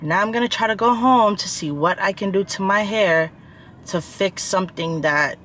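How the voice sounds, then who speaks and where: A woman's voice: medium pitch, moderate pace, fairly bright tone, slight background noise. A young woman vlogging from her car, venting with sighs about a bad salon visit. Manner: frustrated venting, sighing. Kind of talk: casual vlog talk to camera.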